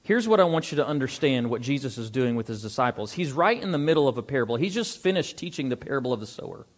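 A male pastor with a medium, sing-song voice preaches a sermon. He reads scripture aloud, slowing down on stressed words, and puts rhetorical questions to the congregation.

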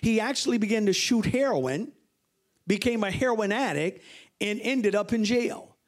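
A middle-aged man preaching as a bishop, telling stories with animated delivery and high exclamations. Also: normal speed. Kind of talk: sermon.

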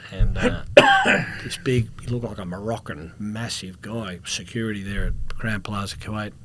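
Speaking at a moderate pace with a fairly low but slightly bright voice that swings hugely in pitch, a middle-aged Australian guest tells rambling stories on a podcast. He's a former police officer and security contractor, coughs now and then, and there's a little background noise in this casual storytelling interview.

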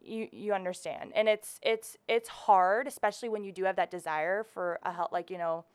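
A woman's voice: mid-range voice, steady tone, normal speed, clear, resonant tone, dry recording. A woman in her twenties co-hosting a faith podcast, talking casually with lots of fillers. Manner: chatty, lots of fillers, laughs easily. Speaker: podcast co-host. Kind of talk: casual chat.

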